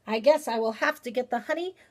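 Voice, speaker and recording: A woman voicing a bossy, no-nonsense grandmother in a storybook, firm and brisk. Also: on the high side, close to an everyday voice. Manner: firm and brisk, then warmly delighted.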